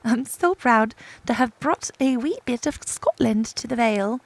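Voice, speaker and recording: A woman's voice: on the high side, expressive, measured pace, creaky, no echo, heavily acted. A woman reading out the lines of a spirited young Scottish princess in a game, earnest and fretting over a friend.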